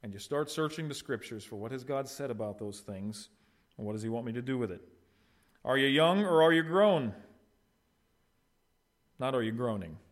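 A man's voice: mid-range voice, animated, normal speed, pauses often. A middle-aged man preaching a sermon, addressing the congregation with rhetorical questions and short retold dialogue. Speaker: pastor.

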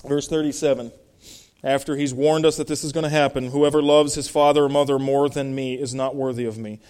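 A man's voice: medium pitch, steady tone, a little fast, darkish tone, clean tone. A middle-aged male pastor preaching a sermon, reading Bible verses aloud and explaining them, with emphatic stresses.

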